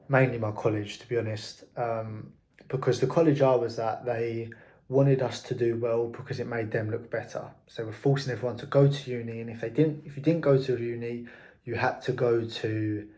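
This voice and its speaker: A young man, speaking in a candid, reflective monologue. His voice sits at a middle pitch, and he talks plainly and frankly, with the odd curse word. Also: a little mellow. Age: 20s. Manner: candid, frank, occasional swearing. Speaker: entrepreneur vlogger.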